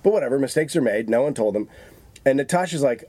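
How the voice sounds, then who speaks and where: A man's voice: mid-range voice, expressive, fast, warm tone, breathy edge, no echo. A man, a stand-up comedian, telling a story in casual chat with wry self-mockery.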